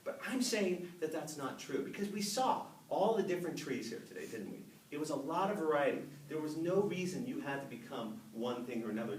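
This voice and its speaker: Speaking on the high side, an animated man delivers a storytelling public speech at a Toastmasters club and shares laughs with the live audience. The recording is from a far-off mic in an echoey meeting room, with faint noise.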